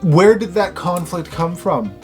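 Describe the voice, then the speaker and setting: A man's voice: high-pitched, expressive, measured pace, music in the background. A man co-hosting a casual show review, talking in an exasperated, rhetorical way. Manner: exasperated, rhetorical, mimics characters. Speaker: co-host.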